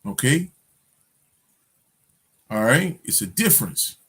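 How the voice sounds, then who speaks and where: A man of medium pitch talking straight to his viewers in a loose, rambling storytelling style. His speech is thick with street slang, profanity, fillers and false starts, and he keeps checking in with his listeners as he goes. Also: big pitch swings, slow pace, a bit bright, breathy edge. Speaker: spiritual channel host. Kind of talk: casual storytelling monologue.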